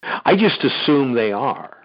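A man's voice: medium pitch, very animated, takes it slowly, lo-fi sound. A man hosting a casual call-in chat, folksy and rambling, encouraging his callers. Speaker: host.

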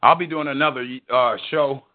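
A man's voice: fairly high pitch, steady tone, moderate pace. A middle-aged man hosting a live stream, out of breath, cursing and rambling casually at his viewers. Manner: profane, rambling, addresses viewers as "y'all". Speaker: livestream show host. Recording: tinny phone-like audio.

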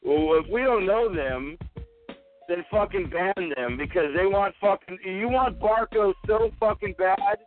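A man's voice: sits high, a little slow. A man hosting a live stream radio show, swearing nonstop in an angry rant while drinking. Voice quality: heavy swearing, combative. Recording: tinny phone-like line, faint music.

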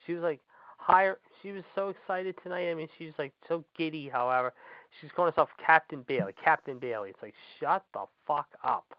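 A man's voice: fairly high pitch, a little fast, no echo. A man co-hosting a casual wrestling podcast, talking bluntly and cursing freely. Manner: blunt, profane. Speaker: podcast co-host. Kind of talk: casual chat. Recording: dry dull lo-fi audio.

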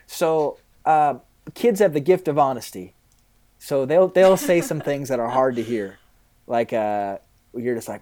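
A man's voice: mid-range voice, measured pace, warm tone. A man in his thirties, a pastor, talking candidly in a casual interview, rambling a little with fillers.

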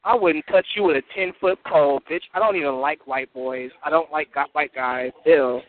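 High-voiced man trash talking over phone. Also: fairly even intonation, brisk, no echo. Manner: profane, boastful, laughing. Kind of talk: heated trash talk. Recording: tinny phone-like line.

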